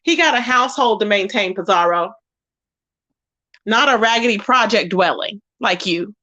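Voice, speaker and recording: A woman with a sharp, animated, medium-pitched voice speaks at a normal speed on a dry recording. Hosting a casual YouTube gossip stream, she's blunt and sassy, scolding those she talks about, welcoming viewers by name, and frequently saying "child, okay?".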